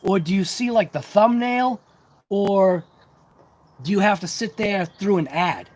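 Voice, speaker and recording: A man's voice: high voice, a little slow, darkish tone. A man hosting a casual hobby livestream, chatting to viewers in a rambling, talkative, self-deprecating way. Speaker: RC hobby channel host.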